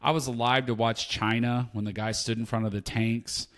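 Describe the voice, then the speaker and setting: A man's voice: medium pitch, level tone, moderate pace, a bit bright. Heated, emphatic male podcast co-host. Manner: heated, emphatic, repeats points. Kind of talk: casual opinion chat.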